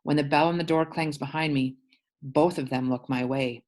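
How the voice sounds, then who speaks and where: Deep-voiced woman teacher reading aloud. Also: steady tone, darkish tone. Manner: pauses to explain words. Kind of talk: reading a novel aloud to a class.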